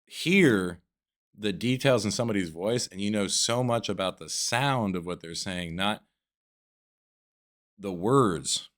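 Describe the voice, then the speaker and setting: A man's voice: fairly low pitch, slow, long pauses, a bit bright. A man with a Southern American accent on a podcast, chatting casually in a loose, profane, rambling way full of fillers. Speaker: podcast co-host. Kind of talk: casual chat.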